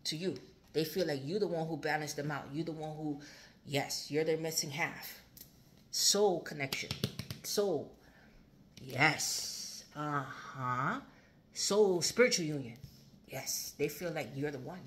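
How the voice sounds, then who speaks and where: Low-voiced woman giving a tarot reading. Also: unhurried, fairly bright tone, a little hiss or hum. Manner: chatty, repetitive, swears, laughs. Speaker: tarot reader.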